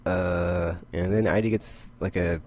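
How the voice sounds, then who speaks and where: A man's voice: low-pitched, fairly even intonation, unhurried, a little mellow, a little hiss or hum. A man casually recapping comic books, rambling and full of "like". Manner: rambling, heavy use of "like". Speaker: comic book vlogger.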